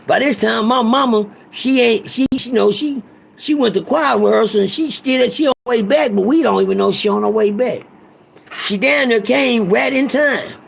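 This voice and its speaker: A man spins a casual, profane tale, wandering off and repeating himself as he goes. His voice sits high and is thick with gravel. There's a husky, raspy grain under every word. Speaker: storyteller. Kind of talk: casual storytelling.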